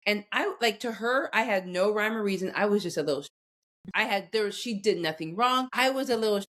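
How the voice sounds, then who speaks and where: A woman's voice: medium pitch, brisk, fairly bright tone. Candid woman in her forties. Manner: candid storytelling, earnest and direct. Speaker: guest expert on conflict. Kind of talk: casual podcast conversation.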